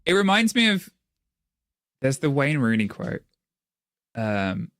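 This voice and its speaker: A man's voice: medium pitch, sing-song, slow pace, fairly bright tone, no room sound. A man casting an esports match, rambling and self-deprecating between plays. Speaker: esports caster. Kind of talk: play-by-play commentary.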